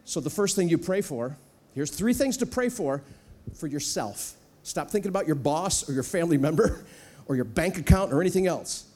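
Man, guest preacher, high voice, animated sermon, playful asides, church setting. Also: normal speed. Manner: animated, acts out voices with humor. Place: church sanctuary.

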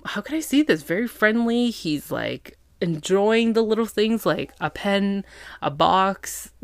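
A woman with a low voice runs through a TV episode recap as a chatty podcast host. She keeps dropping fillers and slips into the characters' lines. The sound is dry and close. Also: no echo.

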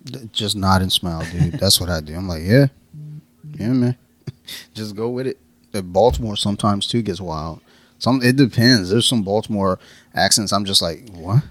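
Co-hosting a laid-back podcast, an American man jokes profanely, acts out quotes and laughs a lot. He speaks on the low side at normal speed with a fairly bright tone, and there's no room sound.

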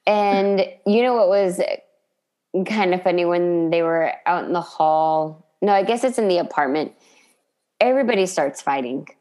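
Animated woman recapping with a friend. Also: on the low side, normal speed. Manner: animated storyteller who acts out quotes. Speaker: podcast co-host. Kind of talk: casual chat recapping a sitcom.

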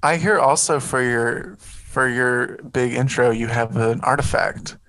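A man's voice: medium pitch, a bit bright. A man co-hosting a comedy podcast, teasing his co-host with dry, prodding remarks in casual banter. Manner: dry, teasing, quick to prod.

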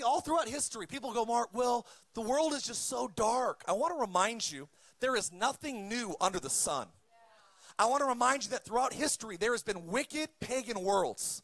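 A man preaching a sermon, calling for amens and punching his points with shouted peaks. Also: very high voice, dry recording. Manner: emphatic preaching with amen calls and shouted peaks. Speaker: pastor.

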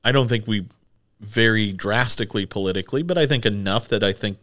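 A man's voice: on the low side, fairly quick, a bit bright. A man co-hosting a casual tech podcast, chatty and rambling with lots of fillers. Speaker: podcast co-host. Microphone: studio microphone.

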